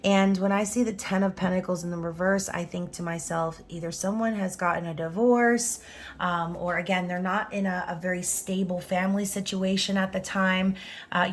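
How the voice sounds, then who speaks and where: A woman reading tarot cards to camera in a chatty, reassuring way, often checking in with "okay?". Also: fairly low pitch. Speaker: tarot reader.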